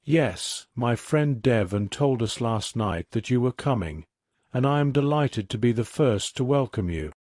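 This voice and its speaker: A man voicing a cunning, suave gentleman-burglar who speaks politely and in a measured way, in a storybook reading. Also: mid-range voice, expressive, no room sound, clean studio sound. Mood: courteous.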